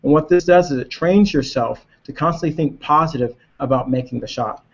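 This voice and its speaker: A man who coaches tennis, explaining drills in a casual webinar discussion and pausing to find his words. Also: on the high side, creaky. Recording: muffled lo-fi webinar audio.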